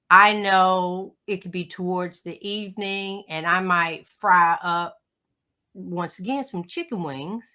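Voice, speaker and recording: A middle-aged woman, a guest on a livestream call, telling a personal story in an emotional, animated way. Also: fairly low pitch. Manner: emotional, animated storytelling with Southern turns of phrase.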